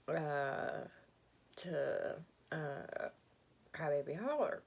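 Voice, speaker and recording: A woman with a Southern Alabama accent, telling a story in a rambling, halting way as she eats and talks with her mouth full. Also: deep voice, creaky, darkish tone. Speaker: vlogger. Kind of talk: casual storytelling while eating.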